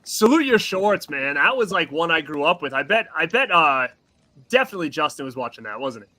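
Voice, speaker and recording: A man hosting a live stream from outdoors at night, excitable and calling out shout-outs to the chat. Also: a little high, a little fast. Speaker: host.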